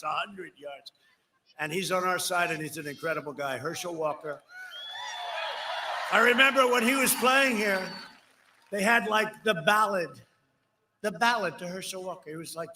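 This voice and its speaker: Male rally speaker, high and sharp, repeats himself, lurches between shouts and mutters, faint ambience behind. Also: a little hiss or hum. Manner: rambling and repetitive, swinging between shouting and low muttering. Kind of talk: rally speech.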